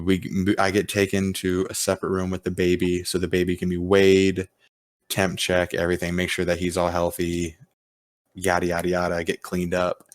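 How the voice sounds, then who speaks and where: A man's voice: low-pitched, no echo, clean studio sound. A man hosting a podcast, telling a casual story with acted-out quotes and plenty of swearing. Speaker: podcast host. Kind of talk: casual chat.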